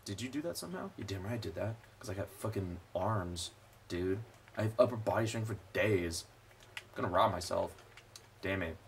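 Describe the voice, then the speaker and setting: A man's voice: deep voice, expressive, moderate pace, creaky, a little hiss or hum. A young man commenting on his gameplay, swearing constantly and ranting sarcastically. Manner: profane, sarcastic, rambling. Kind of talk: let's play commentary.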